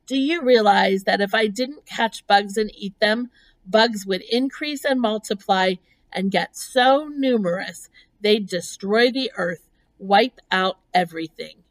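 A clever storybook spider with a thin, pleasant voice, voiced by a woman. She explains things in a brisk, matter-of-fact way and takes her time with her words. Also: medium pitch, lightly acted, low-quality recording.

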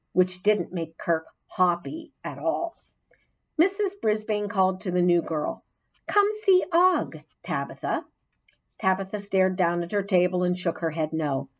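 A woman narrating a children's audiobook in an expressive, unhurried storytelling manner, giving the characters their own voices. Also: on the low side.

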